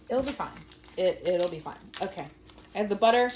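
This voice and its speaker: Woman, casual baking vlog, giggly, punny, animated voice, phone recording in a noisy kitchen. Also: on the high side, normal speed. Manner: giggly, self-mocking, chatty, makes puns. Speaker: baking vlogger. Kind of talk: casual chat while baking. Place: home kitchen.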